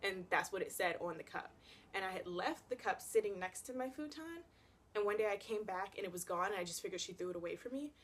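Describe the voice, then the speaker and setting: Talking fast in a medium-pitched voice, a young woman vlogger shares a personal story with lots of drama and animation. She's casual and uses "like" heavily.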